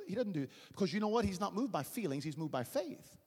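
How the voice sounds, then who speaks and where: A male pastor preaches fervently, his high, slightly breathy voice climbing and dropping across a wide range. He shifts between loud declarations and hushed asides to the congregation. The sound rings with long reverb from a large church hall. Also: very animated, quick pace, few pauses. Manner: direct, folksy asides to the congregation. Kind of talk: sermon.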